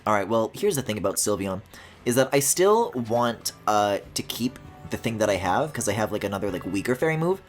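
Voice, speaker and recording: A woman streaming a video game, chatting casually and swinging between loud squealing outbursts and low mutters, swearing often. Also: sing-song, a little fast, faint music behind.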